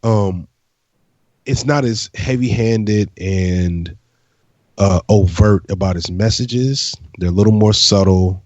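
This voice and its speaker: Male co-host with a lowish voice, measured and argumentative, dry lo-fi recording. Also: a little mellow, no room sound. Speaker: podcast co-host. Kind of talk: casual chat. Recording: dry, slightly dull.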